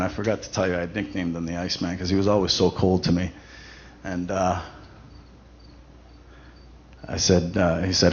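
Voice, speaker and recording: Man, lower register, conversational church testimony with lots of restarts; dull lo-fi recording with faint noise. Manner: conversational, many fillers and restarts. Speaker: testimony speaker at a church event. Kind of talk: personal testimony.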